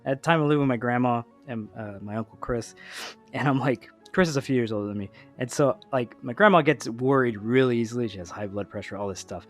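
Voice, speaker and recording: A man hosting a gaming podcast, telling a story in a casual, animated way, laughing often and acting out voices. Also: medium pitch. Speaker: podcast host.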